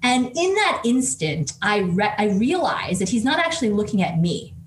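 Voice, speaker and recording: A woman researcher telling a lively story as an interview guest, with plenty of "like"s and restarts. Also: mid-range voice, normal speed, roomy sound, a little hiss or hum. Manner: lively anecdote full of "like" and restarts. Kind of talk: storytelling in conversation.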